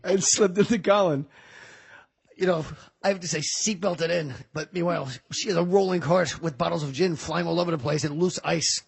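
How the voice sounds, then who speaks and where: A man's voice: on the high side, moderate pace, creaky, breathy edge. A male comedian guest on a podcast, joking and rambling in casual banter, often mocking himself.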